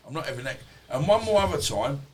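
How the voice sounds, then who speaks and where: A man's voice: on the high side, expressive, fast, crowd noise. A man, a podcast guest, telling stories in a rambling, colloquial way and swearing freely. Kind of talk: casual storytelling interview.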